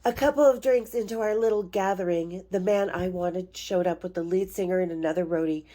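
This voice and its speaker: A woman in her fifties reads from her memoir in a warm, mellow voice. She is frank and playful, stepping out of the text now and then to chat with her listeners. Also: on the low side, brisk. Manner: frank, playful, breaks off to talk to viewers. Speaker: author reading her memoir. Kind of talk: memoir reading with chatty asides.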